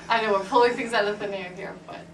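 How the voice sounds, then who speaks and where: A woman's voice: mid-range voice, steady tone, a little fast, a little hiss or hum. A woman teaching a piano lesson, patient and encouraging, often checking in with "right?" and "okay". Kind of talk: private music lesson. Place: room with a piano. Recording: roomy, distant, piano playing.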